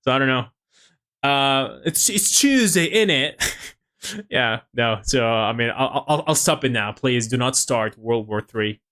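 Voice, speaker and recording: A man's voice: mid-range voice, steady tone, unhurried, bright, forceful tone, clear, resonant tone. A young Mexican man, a native Spanish speaker, chatting casually on a live stream in English with an American-leaning accent, slightly nasal, laughing often and restarting his sentences. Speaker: language-learning streamer.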